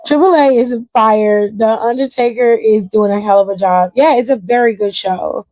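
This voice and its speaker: Woman host, fairly high voice, dry close sound, animated, profane, casual commentary. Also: moderate pace, no echo. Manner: animated and profane, acts out quotes. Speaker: wrestling show reviewer, host.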